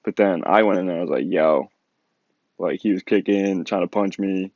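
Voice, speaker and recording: Young man, low voice, casual storytelling vlogger, chatty filler-heavy delivery, dry lo-fi sound. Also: normal speed, dry recording. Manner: animated, filler-heavy, lots of "like". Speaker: vlogger telling a personal story. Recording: dull lo-fi dry recording.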